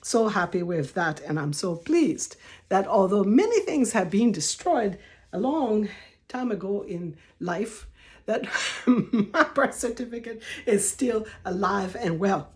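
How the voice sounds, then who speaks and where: A woman's voice: mid-range voice, slow. A woman in her sixties with a Liberian English accent, telling stories to camera from her home office and laughing often. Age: 60s. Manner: laughs often, warm and expressive. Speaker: vlogger. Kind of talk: casual storytelling to camera.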